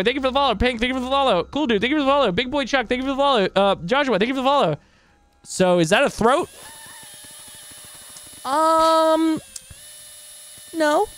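A male streamer giving excitable, profane live commentary while playing a game and thanking new followers. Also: extremely high pitch.

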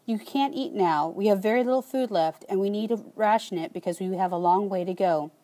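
A woman voicing a weary, gentle father who speaks softly and sadly in an audiobook. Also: medium pitch, fairly quick, close to an everyday voice. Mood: firm. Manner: soft, sad.

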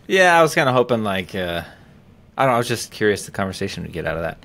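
A man co-hosting a casual podcast, talking in a relaxed, rambling way. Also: fairly low pitch. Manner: relaxed, rambling, reads out loud haltingly. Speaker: podcast co-host. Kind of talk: casual chat.

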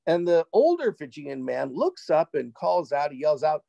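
A man as an interview guest, telling a personal travel story in an animated, casual way and often repeating words as he gets excited. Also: a little high, normal speed, gravelly, dry recording, dull audio.

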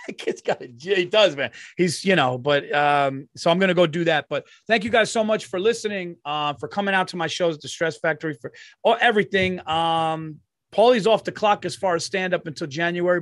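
A man in his forties chatting as a podcast co-host, excitable, laughing often and cursing freely. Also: sits high, fairly quick, dry recording, clean studio sound. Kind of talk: casual chat.

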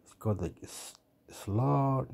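A man from Australia who talks slowly and haltingly, thinking out loud as he goes. He wanders between thoughts, chuckles at himself, and keeps circling back on what he means to say. His voice sits at a middling pitch. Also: vocal fry, slightly rough. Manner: rambling, thinking aloud, self-deprecating. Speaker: vlogger. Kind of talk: casual phone review.

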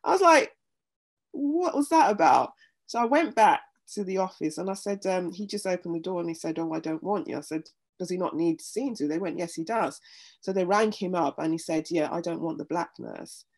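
A middle-aged woman speaking earnestly as an interview guest, animated when retelling stories. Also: on the low side, brisk. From United Kingdom. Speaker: interview guest, pastor and former nurse. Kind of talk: reflective conversation.

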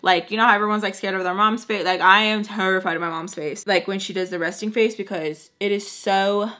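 A young woman chatting through a storytime while doing her makeup, with a bright, crisp voice. She talks loosely and casually, filling her sentences with "like" and turning to her viewers with "you know what I'm saying?". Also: mid-range voice, steady tone, fairly quick. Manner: casual, chatty, heavy use of "like". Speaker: beauty vlogger.

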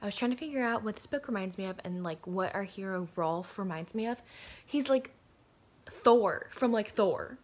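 A woman in her early twenties, chatting casually outdoors about a book she is reading, giggly and full of "like". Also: mid-range voice. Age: early 20s. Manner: chatty, giggly, heavy use of "like". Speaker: book vlogger. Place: outdoors in sunlight.

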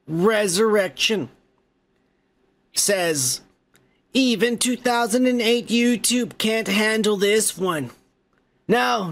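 A middle-aged podcast host with a fairly high, gravelly voice reads out viewer comments in a casual chat. He keeps things loose, profane and joking, and stops now and then to shout cheers to viewers.

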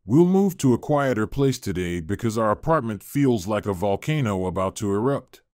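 A man's voice: lowish voice, expressive, moderate pace, a little mellow, no room sound, studio quality, natural voice. A man reading the lines of a firm, protective young husband who sounds exasperated.

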